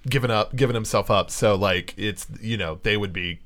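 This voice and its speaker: Excitable young man running a tabletop game. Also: fairly low pitch, moderate pace. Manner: excitable, loose, swears freely. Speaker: game master.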